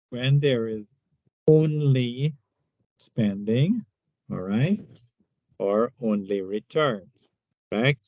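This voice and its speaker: A man's voice: medium pitch, darkish tone, dry recording. A man teaching a finance lesson over a screen recording, explaining step by step and often checking in with "all right" and "right?". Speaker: instructor. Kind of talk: screen-recorded tutorial walkthrough. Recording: dull, dry lo-fi sound.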